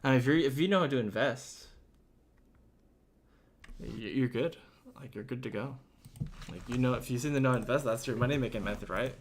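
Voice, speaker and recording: A man's voice: mid-range voice, brisk, pauses often. A young man chatting casually on a game stream, rambling through answers to chat with lots of fillers and restarts.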